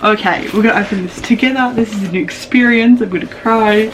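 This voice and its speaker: A woman's voice: a little high, a little fast, background noise. Bubbly woman gushing over an unboxing. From Australia. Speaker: beauty vlogger. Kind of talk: excited unboxing vlog. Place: home, washing machine running nearby.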